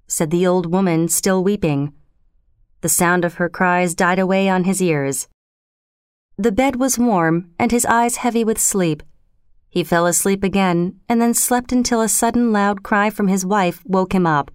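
A woman narrating a storybook chapter in a measured, expressive way. Her voice is smooth and clear, recorded close and dry, at a middle pitch. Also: dry recording. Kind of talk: audiobook narration.

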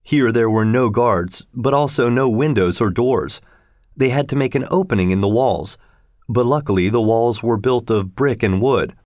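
A man narrating a classic adventure story as an audiobook reader, in a steady, measured storytelling manner. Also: medium pitch, no echo, studio quality.

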